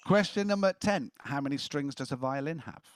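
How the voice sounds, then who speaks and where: A man with a mid-range voice hosts a casual quiz, reading questions and cracking jokes between answers, chuckling as he goes. The recording is studio quality with no echo.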